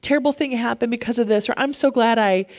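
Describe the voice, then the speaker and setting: A woman pastor preaching a sermon, animated and laughing often, getting emotional at times. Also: on the high side, fast talker.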